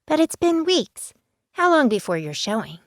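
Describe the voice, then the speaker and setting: A woman voicing a bubbly, mischievous teenage werepanda girl in a storybook, whining and wheedling in a much higher, drawn-out voice. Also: big pitch swings, no room sound, clean studio sound. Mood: pleading, teasing. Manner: whiny, wheedling and pleading.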